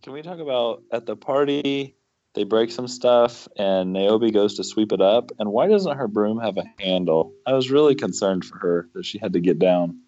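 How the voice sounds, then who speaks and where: A man's voice: on the low side, normal speed, mellow, highs cut off. A man co-hosting a casual podcast, amused, asking questions and chuckling often. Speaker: podcast co-host. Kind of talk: casual chat about a TV series.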